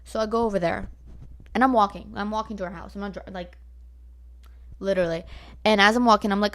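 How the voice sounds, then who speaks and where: A woman's voice: mid-range voice, brisk, long pauses. Young woman, nineteen, casual storytime rant, blunt, swears a lot, laptop mic at home. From Northern California, US. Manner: animated, blunt, swears freely, many likes and rights. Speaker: vlogger. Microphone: laptop built-in mic.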